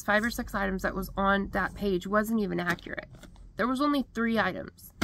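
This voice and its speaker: Gravelly-voiced woman telling a story. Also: fairly high pitch, pushed and bright, a little hiss or hum. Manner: chatty, exasperated storytelling; many fillers like "like" and "um". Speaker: crafting vlogger. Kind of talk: storytime vlog.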